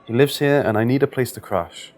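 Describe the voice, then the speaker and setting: A man voicing a drunk, belligerent middle-aged man who shouts and demands. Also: medium pitch, brisk, voice pushed up, lightly acted. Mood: drunk, angry.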